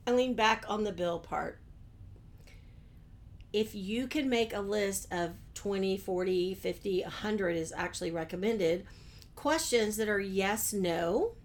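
The business podcast host speaks slowly with long pauses, her voice medium in pitch. She talks alone to her audience in a friendly, conversational style, asking them rhetorical questions.

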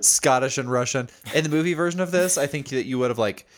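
A man's voice: medium pitch, fast talker. A man co-hosting a podcast in casual chat, playfully prompting his partner with questions and laughing easily. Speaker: podcast co-host.

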